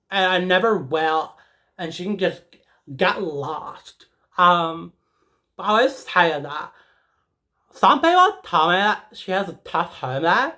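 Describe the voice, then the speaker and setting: Woman playing a dramatic teen schoolgirl, rambly, filler-heavy, slow deliberate delivery, forceful bright tone. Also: on the low side, exaggerated voice. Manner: rambling, peppered with "like", emotional. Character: sassy, dramatic teenage schoolgirl. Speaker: comedic character. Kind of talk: comedic character monologue.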